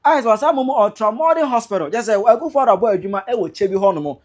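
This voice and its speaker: A Ghanaian man delivers indignant news commentary, switching freely between Twi and English. His pitch swings a lot as he rails at the politician, and he repeats his questions for emphasis. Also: lively intonation, quick pace.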